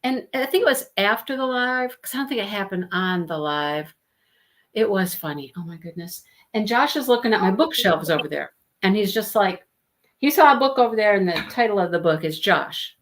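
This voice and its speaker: A woman's voice: medium pitch, expressive, moderate pace. A woman hosting a live book discussion, chatting casually, telling stories and laughing often as she reads out viewer comments. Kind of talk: casual chat on a livestream.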